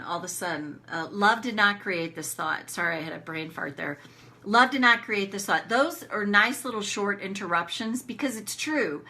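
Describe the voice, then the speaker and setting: A woman's voice: medium pitch, pushed and bright. A middle-aged woman coaching viewers in a casual live stream, chatty and rambling, often laughing. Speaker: tapping coach hosting a live session.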